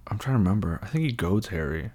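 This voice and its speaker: A man's voice: fairly low pitch, lively intonation, fast talker, a little mellow, husky. A man casually retelling a film scene, rambling and incredulous, with lots of fillers.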